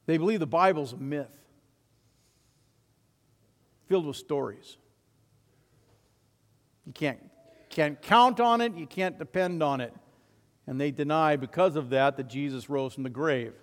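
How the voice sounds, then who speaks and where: A man preaching a sermon as pastor, swelling to loud emphatic declarations and then dropping quiet. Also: fairly high pitch, measured pace, pauses often, long reverb tail.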